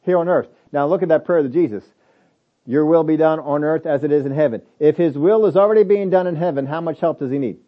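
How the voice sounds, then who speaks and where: A man preaching a sermon, stressing points hard, then dropping to low asides, with many rhetorical questions. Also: fast talker, lo-fi sound. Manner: emphatic, swings between loud stresses and low asides. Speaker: pastor.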